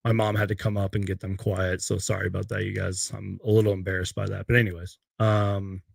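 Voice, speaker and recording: A young man hosting a live post-game fan stream from his bedroom, excitable on highlights and rambling in between. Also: fairly quick, gravelly, husky, no echo, clean studio sound. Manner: excitable, loud outbursts on highlights, then rambling. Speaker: sports fan show host. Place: bedroom at home.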